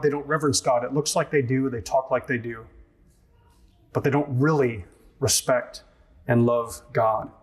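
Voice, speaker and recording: Male pastor, mid-range voice, earnest and emphatic, drives points home by repetition. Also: medium pitch. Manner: earnest, emphatic, repeats key phrases. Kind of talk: expository sermon.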